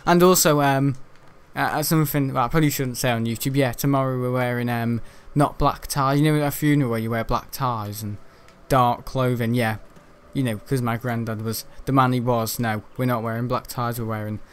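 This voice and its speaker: Here a young man talks fast and smoothly, barely pausing, his medium-pitched voice holding a steady tone. He's a gaming YouTuber in his young adult years, chatting and rambling over gameplay with frequent mild cursing.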